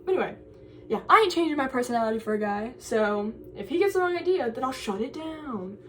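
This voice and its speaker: A woman's voice: high-pitched, expressive, fairly quick. Young college girl rambling into her vlog cam, kinda far from the mic, lil background hum. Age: young adult. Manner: rambling, filler-heavy, restarts often. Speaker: college vlogger. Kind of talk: casual vlog chat.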